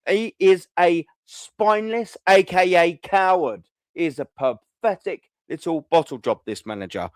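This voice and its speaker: A man's voice: high-pitched, no echo. A man, hosting a fan call-in show and ranting furiously, swearing and repeating himself. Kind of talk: angry fan rant.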